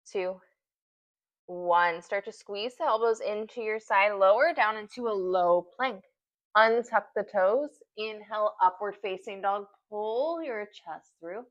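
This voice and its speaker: A woman's voice: medium pitch, lo-fi sound. A woman leading a yoga class at home, giving short breath-paced cues while doing the poses and getting out of breath. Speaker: yoga instructor.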